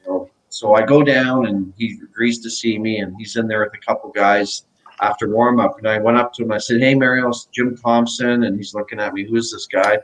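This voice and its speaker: A man's voice: fairly low pitch, fairly quick, poor audio. Middle-aged man telling hockey stories. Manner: animated anecdotes, acts out quotes. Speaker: guest, former pro hockey player. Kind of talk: casual storytelling interview.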